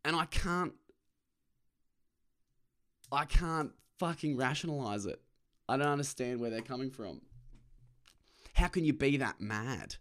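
A man's voice: medium pitch, a little slow, pauses often. Sweary Australian man ranting in a car. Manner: sweary, animated, acts out other people's voices. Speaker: podcast host. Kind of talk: casual ranting monologue. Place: parked car.

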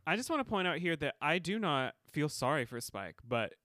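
A man co-hosting a casual podcast recap chat, animated and quick to laugh as he retells scenes. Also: fairly high pitch, no room sound, clean studio sound. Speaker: podcast co-host.

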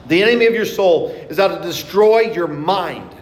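High-voiced preacher in an echoey hall. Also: male voice. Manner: earnest preaching, slows down for scripture quotes. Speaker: pastor. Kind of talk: sermon. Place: church sanctuary. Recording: echoey hall, mic in room.

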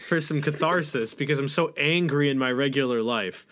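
A young man co-hosting a podcast, talking in a rambling, animated way and mocking what he describes. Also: mid-range voice, normal speed, a little hiss or hum. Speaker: podcast co-host. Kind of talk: casual podcast chat.

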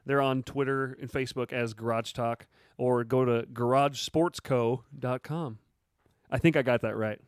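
Male podcast host, casual and joking, mid-pitched voice, dry close mic. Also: steady tone, moderate pace, clear, resonant tone, dry recording. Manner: joking, reads listener questions aloud.

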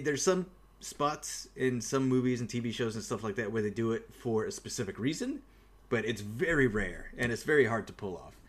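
A man co-hosting a casual movie podcast, explaining things in a steady, clear way with a few fillers. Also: lowish voice. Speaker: podcast co-host.

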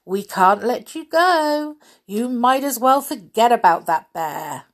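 A woman voicing a band of mischievous wild monkeys, with a gleeful, teasing, drawn-out delivery. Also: a little high, animated, pitched above the performer's own voice.

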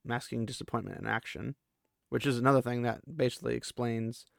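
A man's voice: mid-range voice, steady tone, fairly quick, gravelly, no room sound, clean studio sound. A man hosting a podcast, recapping a book chapter in a chatty, loose way full of casual asides. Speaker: podcast host.

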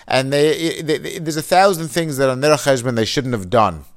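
Man, Torah lesson, reads Hebrew then explains, casual, lots of fillers, mid-pitched voice. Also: normal speed. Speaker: Torah teacher. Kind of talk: explaining a Hebrew mussar text.

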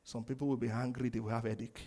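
A man preaching a sermon, animated, laughing often and acting out the quoted lines. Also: mid-range voice, fast. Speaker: pastor.

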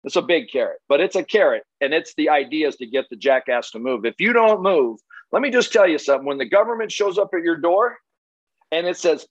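A man's voice: on the high side, lively intonation, fairly quick, no echo, lo-fi sound. A man giving a blunt, punchy sales talk full of rhetorical questions and the odd curse. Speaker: solar sales trainer.

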